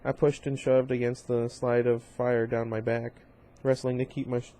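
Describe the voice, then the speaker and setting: Guy reading a book out loud, mid-pitched voice, stumbles and corrects himself now and then. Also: little pitch movement, normal speed. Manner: informal, with slips, restarts and brief asides. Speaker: reader. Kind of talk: reading a novel aloud.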